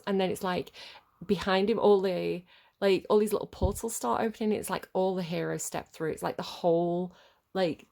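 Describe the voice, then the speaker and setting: A woman talks her way through a tarot reading in a loose, chatty ramble, dropping swear words without a second thought. Her voice sits at an ordinary middle pitch and has a gravelly, fry-edged texture. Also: darkish tone. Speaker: tarot reader. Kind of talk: casual tarot reading monologue.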